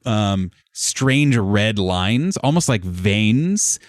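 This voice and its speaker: A man running a tabletop game as game master, describing scenes in a relaxed, rambling way with frequent fillers. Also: fairly low pitch, very slow, no room sound, clean studio sound.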